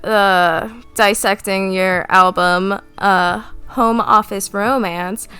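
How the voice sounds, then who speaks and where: A woman's voice: mid-range voice, fairly even intonation, slow, bright, forceful tone, clean tone, faint music behind. A woman hosting a podcast in casual chat, giggly and hesitant. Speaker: podcast host.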